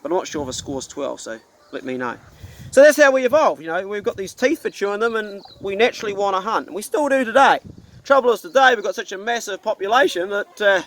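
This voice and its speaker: A man's voice: sits high, lively intonation, fast talker, a bit bright. A middle-aged man with a New Zealand accent, a hunting vlogger ranting casually to camera in a blunt, profane, folksy way.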